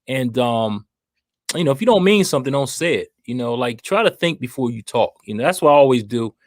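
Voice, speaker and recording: A man's voice: mid-range voice, expressive, brisk, dry recording. A man co-hosting a relationship talk show, laid-back and reflective. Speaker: podcast co-host.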